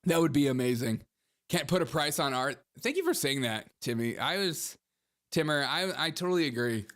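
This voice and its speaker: A man's voice: a little high, very animated, moderate pace, a bit bright. Sarcastic man riffing on headlines. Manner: sarcastic, laughs often, riffs on headlines. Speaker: podcast host. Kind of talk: comedic political commentary.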